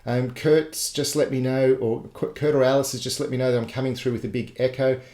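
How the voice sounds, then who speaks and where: A man's voice: mid-range voice, level tone, fairly quick, mellow. A man running a live tech tutorial webinar, explaining things step by step in a chatty way. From Australia. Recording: echoey live broadcast.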